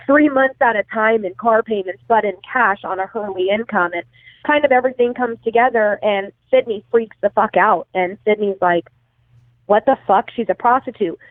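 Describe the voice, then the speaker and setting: A woman's voice: mid-range voice, no echo. A woman telling a long story as an interview guest, casual and profane, full of fillers and self-corrections. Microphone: phone call. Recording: tinny dry phone line.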